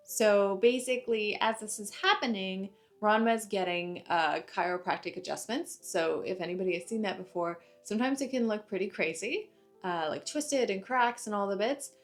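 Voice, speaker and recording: A young woman anime reviewer casually recaps an episode at a moderate pace in a mid-range voice. She's chatty, packs in fillers like "like" and "uh," and lets her sentences run together, with faint music in the background.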